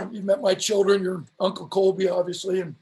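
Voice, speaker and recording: A middle-aged man telling stories as a motivational speaker in an interview, with an emphatic, preacher-like cadence that slows down for punch lines. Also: high voice, little pitch movement. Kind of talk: storytelling on a live stream interview.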